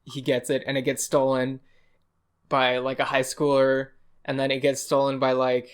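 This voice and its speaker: A man's voice: mid-range voice, monotone, normal speed, smooth. A young man co-hosting a podcast in casual chat, rambling and swearing as he retells game scenes with a laugh. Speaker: podcast co-host.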